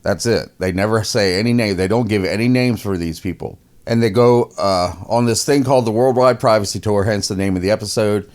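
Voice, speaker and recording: A man with a somewhat low voice hosts a casual commentary podcast. He mocks his subject with a sarcastic edge, laughs often and repeats his words as he talks. His delivery is loose and conversational. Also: fairly quick, few pauses.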